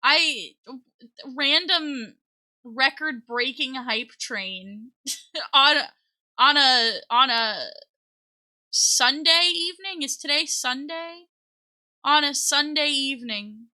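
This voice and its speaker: Speaking slowly in a high, sharp voice, a young woman VTuber makes casual live-stream conversation with her audience. Flustered and giggling, she is near tears and thanks chat again and again.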